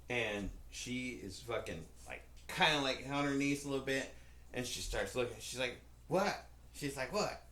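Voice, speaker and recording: A man co-hosting a podcast, telling a long, rambling story in a casual, profane, animated way. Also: medium pitch, normal speed. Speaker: podcast co-host. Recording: roomy echo with faint background noise.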